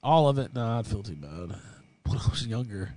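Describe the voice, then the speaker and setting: Hosting a casual livestream, this man reacts to his chat and to videos with laughter, liberal swearing, and firm opinions. His voice is lowish and mellow, animated, and delivered at a normal speed.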